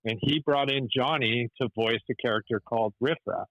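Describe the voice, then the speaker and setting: This podcast guest's mid-range voice comes a little fast and a bit bright, on a dry recording with the highs cut off. Telling stories casually, he rambles, keeps restarting, and repeatedly checks for agreement with "right?"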